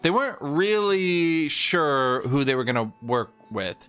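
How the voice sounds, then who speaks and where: A man streaming a game and ranting casually about history, opinionated and profane, with quick mock voices for the countries he talks about. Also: on the high side, sing-song, a bit bright, clear, resonant tone, soft background music. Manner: mimics historical nations in quick asides. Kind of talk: casual livestream rant while gaming.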